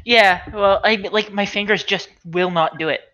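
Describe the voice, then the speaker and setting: Bright-voiced woman on a lo-fi call. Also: mid-range voice, moderate pace. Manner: wry, laughs often, talks about her anxiety. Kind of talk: casual chat between game sessions. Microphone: video call mic. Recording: dull lo-fi call audio.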